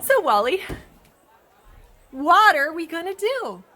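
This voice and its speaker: A woman's voice: extremely high pitch, big pitch swings, takes it slowly, pushed and bright, some chatter behind, full character voice. A woman playing a chatty female water droplet in a comic children's sermon skit, telling her story with gushing drama.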